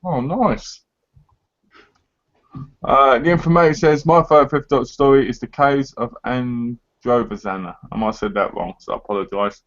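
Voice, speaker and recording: A man's voice: mid-range voice, moderate pace, dull audio. An English man co-hosting a casual live chat, blunt, sweary and mock-boastful. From England. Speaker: co-host. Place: living in America.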